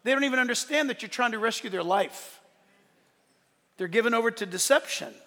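A pastor preaches with a lively, animated delivery, briefly acting out the voices he quotes. His voice sits very high and rings bright and forceful. It carries through a large hall with a long, trailing reverb. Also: fairly quick. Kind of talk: sermon.

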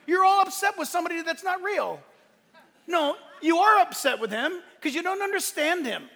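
A middle-aged male pastor delivers an impassioned sermon, his voice sitting unusually high with a bright, forceful edge. He swings from loud exclamations down to quiet, hushed storytelling. The sound carries a long reverb from a large hall. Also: lively intonation, moderate pace.

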